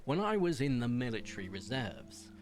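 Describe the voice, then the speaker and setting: A man's voice: medium pitch, very animated, moderate pace, a little hiss or hum. A young man from Somerset with a West Country accent, chatting casually and self-deprecatingly while streaming a game, his voice drifting between posh and broad. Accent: English West Country. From Somerset, England. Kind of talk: casual livestream chat.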